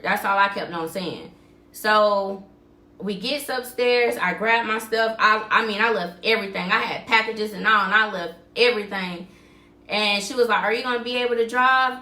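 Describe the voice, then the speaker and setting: With a pushed, bright, mid-range voice and a fairly quick pace, this podcast host casually tells a story, vividly performing what people said. The room is echoey.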